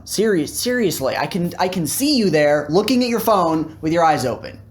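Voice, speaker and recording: A man's voice: on the high side, big pitch swings, normal speed, hardly any pauses. A man co-hosting a casual debate chat, playful and teasing, slipping into storytelling. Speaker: co-host.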